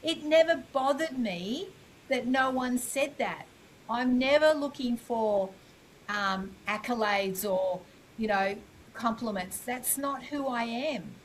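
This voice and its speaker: A woman's voice: a little high, animated, slow, slight background noise, low-quality recording. A woman in her sixties telling a personal story on a podcast, acting out quoted dialogue with animation. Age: 60s. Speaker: guest. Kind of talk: casual podcast conversation.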